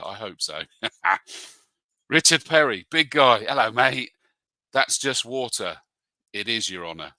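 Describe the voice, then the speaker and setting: A man's voice: fairly low pitch, bright, forceful tone, dry recording. Man, motorsport commentator, casual matey chat, bone-dry close sound. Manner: chatty and matey, calls people mate. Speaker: motorsport commentator hosting a live show. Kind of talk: casual live-stream chat, reading viewer comments.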